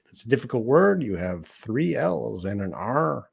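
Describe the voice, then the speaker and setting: A man's voice: medium pitch, very animated, unhurried, vocal fry, hardly any pauses, breathy edge. A middle-aged man, teaching a live English lesson and casually answering viewers' questions one by one. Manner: casual and conversational, reads viewer questions aloud and answers them.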